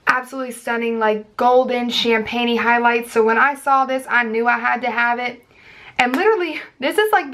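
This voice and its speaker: A woman's voice: on the high side, a bit bright. Gushing young woman with a twang. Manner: gushing, chatty, lots of fillers. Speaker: beauty vlogger. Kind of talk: casual product review.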